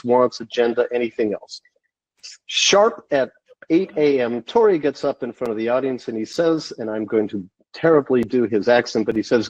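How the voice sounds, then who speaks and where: Guy on a podcast telling a work story, even pace, kinda dull lo-fi mic. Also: mid-range voice, dry recording. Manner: measured, anecdotal storyteller. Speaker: guest, sales consultant. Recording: dull, dry lo-fi sound.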